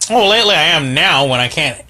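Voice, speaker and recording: A man's voice: on the high side, quick pace, rough recording. A man hosting a casual live stream, reading viewers' comments aloud and joking around. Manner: lively, reads viewer comments aloud, jokey. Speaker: host.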